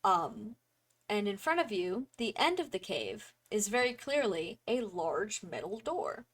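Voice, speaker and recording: A woman's voice: mid-range voice, lively intonation, measured pace, breathy edge. A woman narrating a tabletop game as game master, loose and playful, with many fillers.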